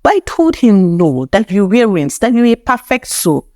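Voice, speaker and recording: A woman's voice: medium pitch, big pitch swings, moderate pace, dark tone, no echo, studio quality, pitched above the performer's own voice, natural voice. Alfred, a woman doing a reproachful groom. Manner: reproachful, accusing. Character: wounded young groom rebuking his bride.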